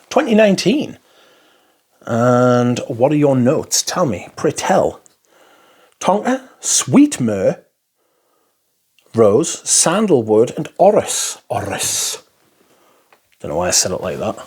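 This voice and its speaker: A man's voice: mid-range voice, darkish tone, husky. Chatty guy doing a casual review, goes off on tangents. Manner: rambling, chatty, swears while ranting. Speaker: fragrance reviewer. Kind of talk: casual first-impressions review.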